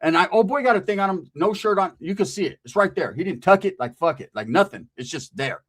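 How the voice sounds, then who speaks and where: Male storyteller: lively, higher-pitched delivery, slangy and profane. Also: fast. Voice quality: animated, swearing, slangy, asks "right?". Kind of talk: comic storytelling.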